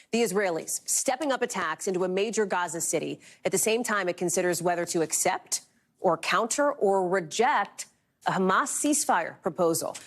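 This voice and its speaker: A woman in her thirties anchoring a live news show in a brisk, emphatic and conversational way, recorded on a studio microphone. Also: mid-range voice.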